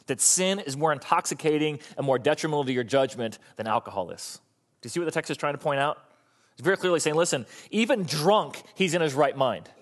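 Fairly high-voiced man preaching a sermon. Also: brisk. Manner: animated storytelling, acts out quoted voices. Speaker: pastor.

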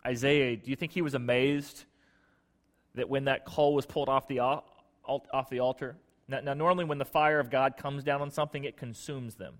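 A man preaching a sermon as pastor in a church, talking conversationally with restarts and repeated words, swinging between emphatic loud bursts and hushed asides. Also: medium pitch, steady tone, fairly quick. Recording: long hall reverb.

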